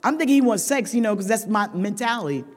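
A woman speaking at a recovery meeting, telling her story with blunt humor and lively voices for the people she quotes. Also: mid-range voice, fast talker. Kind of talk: personal recovery testimony. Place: large meeting hall. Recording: reverberant hall with long echo.

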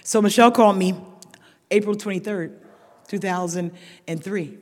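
A woman's voice: medium pitch, normal speed. Raw, emphatic woman in a reverberant hall. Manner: raw and emphatic, talks straight to the room. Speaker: speaker sharing a recovery story. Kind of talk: recovery meeting share. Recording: long reverb of a large hall.

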